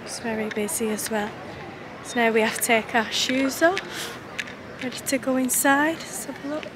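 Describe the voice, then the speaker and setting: A woman's voice: a little high, moderate pace. A woman, chatting casually to camera as she walks around on a travel vlog. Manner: chatty, walking while filming. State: out of breath at times. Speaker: travel vlogger. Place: outdoors at a busy city mosque and gardens. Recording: outdoor city noise behind voice.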